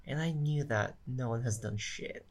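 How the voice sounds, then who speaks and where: A man co-hosting a podcast in casual conversation, relaxed and wry. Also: medium pitch, moderate pace, creaky. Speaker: podcast co-host.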